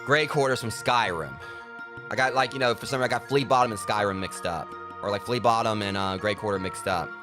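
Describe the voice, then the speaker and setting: A man's voice: fairly low pitch, fairly quick, music in the background. A man giving casual gameplay commentary as a let's play host, rambling with lots of fillers.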